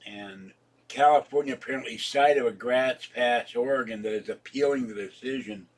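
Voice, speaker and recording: A man in his seventies, sick and hoarse, rambling casually to his viewers about his day and laughing at his own jokes. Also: mid-range voice, moderate pace, recorded from a distance. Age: 70s. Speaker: vlogger. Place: home.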